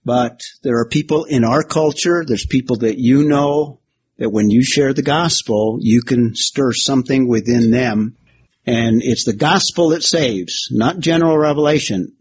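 Male preacher, mid-pitched, expository teaching with light banter, faint room noise. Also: measured pace, darkish tone. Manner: expository, uses a whiteboard and alliteration, jokes with the class. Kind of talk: sermon-style Bible teaching.

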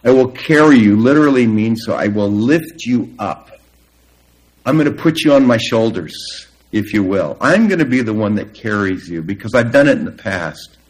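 Earnest, slow-preaching middle-aged man. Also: fairly low pitch, expressive, poor audio. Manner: earnest, slow and emphatic, with long pauses. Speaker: pastor. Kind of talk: sermon.

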